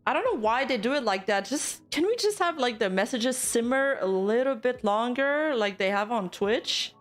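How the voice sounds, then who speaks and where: A woman's voice: on the high side, animated, normal speed, faint music behind. Bubbly woman streamer chatting. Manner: bubbly, laughs often, talks to chat. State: losing her voice. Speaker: streamer host. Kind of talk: casual live-stream chat.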